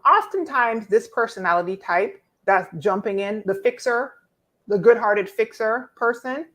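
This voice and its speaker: A woman, hosting a casual live-stream coaching talk, reading viewer comments and answering them in an expressive, preacherly way. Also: mid-range voice. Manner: expressive and preacherly, teasing viewers by name, emphatic repetition.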